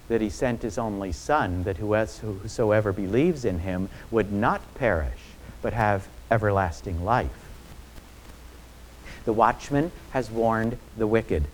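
Pastor, male, mid-pitched voice, delivers a sermon full of rhetorical questions. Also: a little hiss or hum. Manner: asks many rhetorical questions, drops low and quiet on key phrases.

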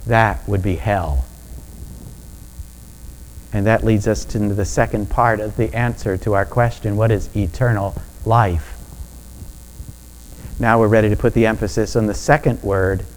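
A man preaching a sermon in a measured, deliberate way that builds to emphatic peaks. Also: lowish voice, steady tone, a little hiss or hum, rough recording. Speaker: pastor.

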